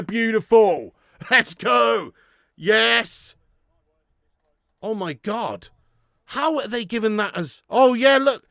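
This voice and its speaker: This man hosts a live football watch-along, swinging between shouting at the screen and reading out viewer messages. His voice sits very high and has a bright, cutting edge. It is recorded close and dry, with no room around it. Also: vocal fry, no echo. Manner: excitable, sweary, shouts at the screen; reads out and answers viewer chat. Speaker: watch-along streamer host.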